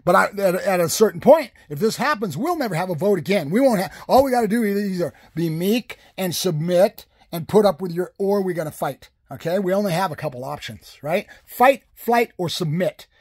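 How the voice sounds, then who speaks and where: A man's voice: high-pitched, animated, a little fast, few pauses, breathy edge, no echo, clean studio sound. Furious swearing man in his sixties. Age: 60s. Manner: furious, shouting, heavy swearing. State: enraged. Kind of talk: angry political rant.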